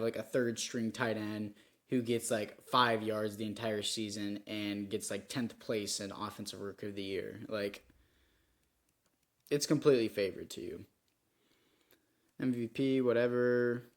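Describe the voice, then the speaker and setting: Young man rambling over football gameplay. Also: lowish voice. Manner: rambling, self-critical, frustrated outbursts. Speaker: gaming YouTuber. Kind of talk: gameplay commentary.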